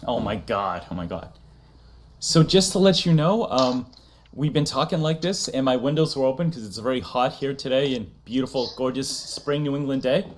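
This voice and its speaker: A man's voice: mid-range voice, lively intonation, moderate pace. A man hosting a casual livestream chat, talking loosely, laughing often and reading chat messages aloud. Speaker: streamer host.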